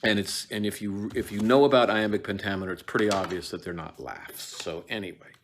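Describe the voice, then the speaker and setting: A man's voice: on the low side, fairly even intonation, a little hiss or hum. A man giving a casual lecture on a play, digressing often, with many fillers and restarts. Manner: acts out lines in quick quoted voices. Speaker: actor teaching Shakespeare.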